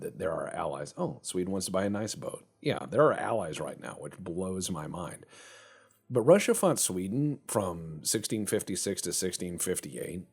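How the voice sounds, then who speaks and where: A man's voice: low voice, gravelly, a little mellow, breathy edge. A man chatting casually and rambling while commentating a strategy game, swearing now and then. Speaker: gaming channel host.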